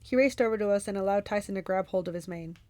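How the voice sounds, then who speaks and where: A woman reading a novel aloud for a book club, in steady first-person narration. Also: mid-range voice, quick pace, dry recording.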